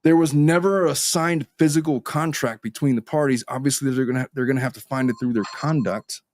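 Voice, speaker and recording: A man's voice: mid-range voice, fairly quick, a little mellow. A man hosting a legal podcast, talking conversationally and repeating words as he starts sentences. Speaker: podcast host.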